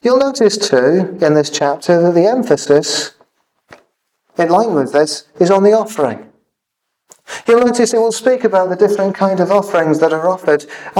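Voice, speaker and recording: Earnest male preacher, high-pitched, halting delivery, miked from a distance. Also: darkish tone. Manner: earnest, halting with repeated fillers. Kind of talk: sermon.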